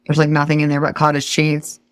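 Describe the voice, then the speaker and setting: A woman's voice: deep voice, monotone, brisk, dry recording, studio quality. A woman in her thirties leading a live weight-loss coaching class, chatty and encouraging, firing questions at the group and laughing at herself when she drifts off topic.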